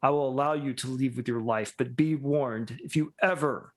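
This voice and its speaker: A man's voice: medium pitch, moderate pace, natural voice. A man doing a stern, threatening baron. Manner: cold, threatening, commanding. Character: stern, menacing baron, middle-aged man.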